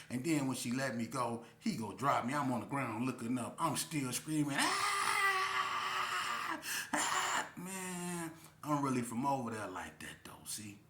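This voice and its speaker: A man in his forties from Las Vegas spins a neighborhood tale in loose, slangy talk, acting out each scene as he goes. His voice has a bright, forceful edge at a middle pitch. The room around him sounds echoey. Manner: animated, acts out scenes, slangy and repetitive. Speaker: storyteller. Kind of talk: casual street storytelling. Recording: roomy echo.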